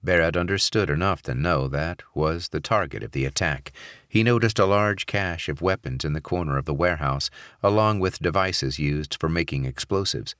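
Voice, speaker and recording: A male narrator reading a thriller audiobook in a steady, measured way. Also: sits low, clean tone, dry recording, clean studio sound. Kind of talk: scripted narration.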